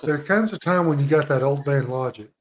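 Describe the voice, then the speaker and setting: A man's voice: fairly high pitch, fairly quick, lo-fi sound, a little hiss or hum. Laid-back man chatting casually. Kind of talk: casual chat.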